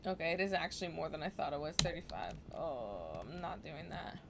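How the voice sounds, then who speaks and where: A woman giving casual, relaxed commentary while playing a farming video game, chatty and self-deprecating, with small muttered asides. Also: sits low, a little fast, vocal fry, noisy background. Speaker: gaming streamer.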